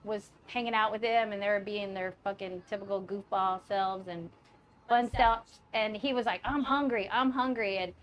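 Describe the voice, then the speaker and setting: A woman's voice: mid-range voice, steady tone, normal speed, smooth. A young woman telling a drunken party story in casual chat. She swears freely, laughs often and acts out the voices of the people she quotes. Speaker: podcast co-host telling a story.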